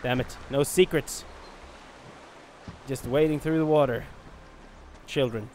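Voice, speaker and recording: A man's voice: medium pitch, takes it slowly, darkish tone, slight background noise. A man giving casual, joking, profane commentary while playing a fantasy role-playing game. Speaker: gaming video host. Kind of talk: casual let's-play commentary.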